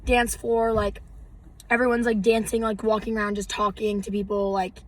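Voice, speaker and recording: A teenage girl co-hosting a casual podcast, rambling and filling every pause with "like.". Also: medium pitch, level tone. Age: teens. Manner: rambling, heavy use of "like". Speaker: podcast co-host. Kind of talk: casual chat. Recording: distant mic with faint background noise.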